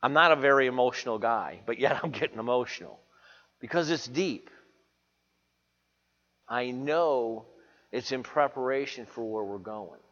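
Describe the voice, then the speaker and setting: A man's voice: mid-range voice, animated, moderate pace, pauses often, fairly bright tone, big-room sound. Earnest male preacher, dull recording. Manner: earnest, confessional, repeats phrases for emphasis. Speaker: pastor. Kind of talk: sermon.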